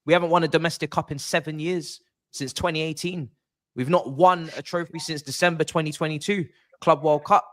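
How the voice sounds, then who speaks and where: A man's voice: on the high side, fairly even intonation, brisk, fairly bright tone. A young man running his section of a football panel, venting frustration about his club's cup exit.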